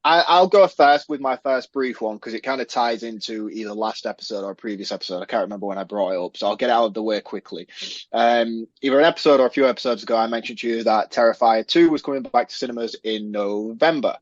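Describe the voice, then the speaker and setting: A man's voice: medium pitch, fast talker, no echo, lo-fi sound. A man co-hosting a horror film podcast in casual chat, laughing at himself as he rambles. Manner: laughs at himself, fumbling attempts at an accent. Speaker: podcast co-host.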